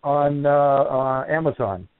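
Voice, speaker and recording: Over a dry, tinny phone connection with no room sound, a wrestling trainer guests on a casual radio interview. His mid-range voice is clear and resonant, and he talks slowly, spinning animated, rambling tales full of fillers.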